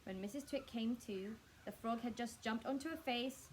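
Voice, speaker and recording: A woman reading a children's book aloud in a staff room, expressive and speaking directly to her young listeners. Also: fairly high pitch, normal speed, slight background noise, poor audio. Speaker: storyteller.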